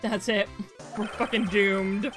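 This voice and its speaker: A woman's voice: medium pitch, level tone, slow, fairly bright tone, faint music behind. A woman streamer giving crude, joking commentary in casual banter while playing a game.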